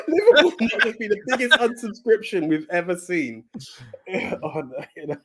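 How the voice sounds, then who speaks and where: A man's voice: sits high, fairly bright tone. A British man with a plain, unposh English accent, co-hosting a podcast in rambling casual chat. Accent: English, not posh. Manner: chatty, rambling, with restarts. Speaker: podcast co-host.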